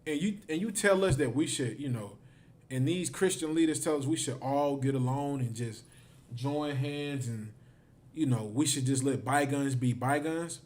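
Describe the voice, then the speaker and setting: A man's voice: mid-range voice, normal speed, darkish tone. A man teaching a livestreamed scripture class, emphatic and repetitive, often tagging his phrases with "man". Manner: emphatic, repeats himself, ends phrases with "man".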